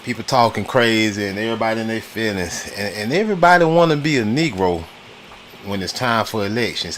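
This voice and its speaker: With a mid-range, fairly bright voice and a little hiss or hum behind it, a U.S. livestream host talks politics casually. He leans on loose slang, circles back to his points and repeatedly breaks off to greet people in the chat.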